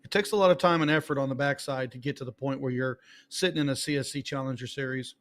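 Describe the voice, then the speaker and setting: A man co-commentating a live darts match, giving relaxed, conversational analysis. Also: mid-range voice, fast.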